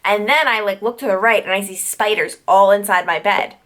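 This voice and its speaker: A woman's voice: mid-range voice, a little fast, a bit bright. A young adult woman from New York telling a storytime vlog, chatty and full of "like" fillers and tangents. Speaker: YouTuber.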